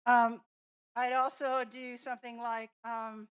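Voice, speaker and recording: A woman presenting a teacher training workshop in a classroom, explaining an activity step by step and walking through examples. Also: on the high side. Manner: slow, deliberate, explaining and demonstrating with examples.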